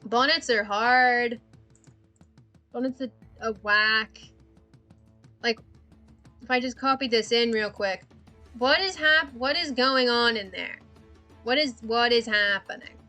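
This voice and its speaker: Streamer woman, higher bright voice, rambling, cursing chat over faint music. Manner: rambling, swearing, quick laughs. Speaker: art streamer. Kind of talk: casual livestream chat while drawing.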